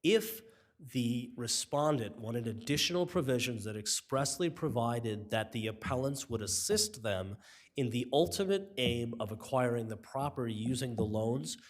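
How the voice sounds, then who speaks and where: A man arguing as an attorney in a courtroom, formal and measured, his voice wearing thin. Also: medium pitch. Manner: formal, measured, apologetic when interrupted. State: voice giving out. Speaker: appellate attorney. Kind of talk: courtroom oral argument. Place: appellate courtroom.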